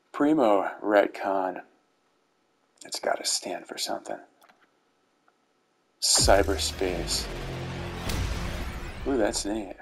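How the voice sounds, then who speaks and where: A man's voice: lowish voice, extremely slow, long pauses, husky, rough recording. A middle-aged man giving casual commentary on game rewards, with dry dad-joke humor. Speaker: YouTuber reviewing game rewards. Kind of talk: casual commentary over gameplay footage. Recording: faint background music.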